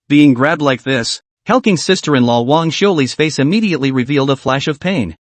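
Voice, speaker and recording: Lively male recap narrator. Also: fairly high pitch, brisk, hardly any pauses, no room sound. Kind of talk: scripted story narration.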